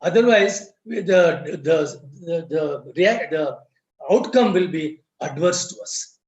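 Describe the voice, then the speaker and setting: A man's voice: fairly high pitch, lively intonation, takes it slowly, a little mellow. Man telling parables in a roomy, muffled webinar. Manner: tells parables, repeats key phrases for emphasis. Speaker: guest speaker at a lodge webinar. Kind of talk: storytelling lecture. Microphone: video call.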